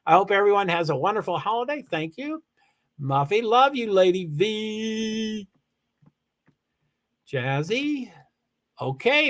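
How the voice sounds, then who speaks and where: A man's voice: high voice, a bit bright. A man hosting a livestream, chatting casually and rambling as he reads viewer comments and thanks people with frequent restarts. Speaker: livestream host.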